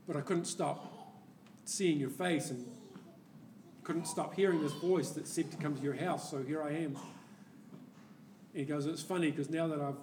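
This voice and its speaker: A man preaching a sermon, telling a story with lively laughter and acted-out quotes, heard from a distance in an echoey church hall. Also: fairly high pitch, normal speed, pauses often, slight background noise. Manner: animated storyteller, laughs often, acts out quoted voices.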